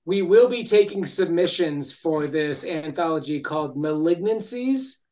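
Male podcast guest, higher-pitched, animated and stammering, casual chat. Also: measured pace. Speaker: guest comic writer.

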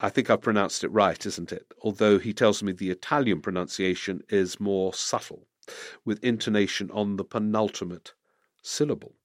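Low-voiced man, rambling commentary. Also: normal speed, no room sound, clean studio sound. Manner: rambling, restarts mid-sentence, animated when reading questions. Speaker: political commentator answering viewer questions. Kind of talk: casual spoken commentary.

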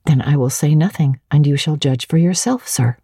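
A woman voicing an earnest eighteen-year-old governess who answers quietly and plainly. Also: low voice, normal speed, husky, no echo, clean studio sound.

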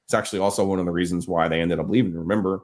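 Male sports podcast co-host, a bit low, storyteller who laughs easily. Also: steady tone, racing, darkish tone. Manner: storytelling, acts out quotes, laughs often. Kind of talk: casual sports chat.

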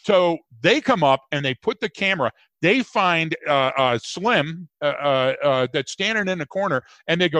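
A man's voice: a little high, normal speed, few pauses, dry recording. A man co-hosting a podcast, telling rambling stories with lots of fillers. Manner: rambling, animated storyteller with many fillers. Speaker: podcast co-host. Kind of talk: casual podcast chat.

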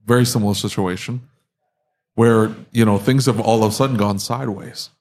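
This lowish, darkish male voice moves a little fast with fairly even intonation. He's an auto shop owner co-hosting a podcast, chatting casually through rambling stories at his own expense and laughing a lot.

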